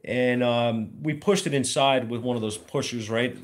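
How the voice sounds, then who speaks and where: A man who runs an auto repair shop tells a story to the camera in a loose, rambling way. His talk is plainspoken and full of trade slang, with now and then a mild curse. His voice sits in an ordinary middle pitch. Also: normal speed. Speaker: auto mechanic and shop owner.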